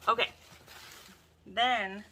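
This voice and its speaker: Gushing woman unboxing gifts, bright voice. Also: medium pitch, very slow. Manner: gushing and excitable, with gasps. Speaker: book video host. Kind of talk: casual unboxing chat.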